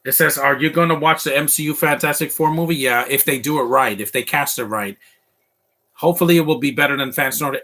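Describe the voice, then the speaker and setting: A man's voice: mid-range voice, fast, pushed and bright. A man giving casual live commentary over a film, chatty and reacting as it plays. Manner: chatty, quotes film lines along.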